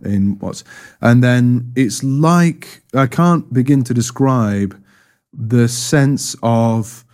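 A man's voice: mid-range voice, very slow, darkish tone. A man giving a reflective personal testimony in an interview, thoughtful and hesitant, with many fillers and restarts. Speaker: interview guest.

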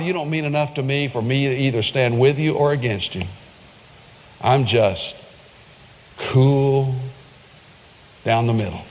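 A man preaching a sermon, telling a Bible story with lively, dramatic delivery. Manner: animated storytelling, jumps high when acting out scenes. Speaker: pastor. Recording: reverberant hall.

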